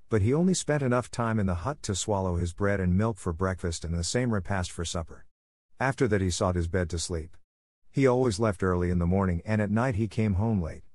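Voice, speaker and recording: Low guy reading a storybook, steady and measured, super dry recording. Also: dry recording. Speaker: audiobook narrator. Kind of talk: scripted storybook narration.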